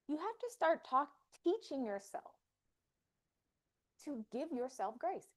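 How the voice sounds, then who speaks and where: Woman, wellness host, animated faith talk, highish voice with wide pitch swings. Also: normal speed. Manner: lively, animated, acts out inner voices. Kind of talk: faith-based live talk.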